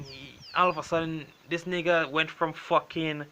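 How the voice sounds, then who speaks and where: Sharp-voiced man ranting. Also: a little high, fairly even intonation, moderate pace, slight background noise. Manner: heavy swearing, blunt and exasperated. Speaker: storytime vlogger. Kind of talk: casual storytelling rant.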